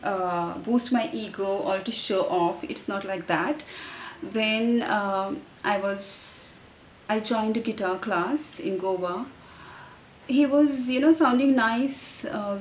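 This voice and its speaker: A woman's voice: mid-range voice, fairly even intonation, a little slow. A woman from Maharashtra whose first language is Marathi, speaking English with an Indian accent in a chatty, rambling vlog with many restarts and fillers. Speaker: medical teacher and vlogger. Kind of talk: casual talk to camera. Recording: echoey room with faint ambient noise.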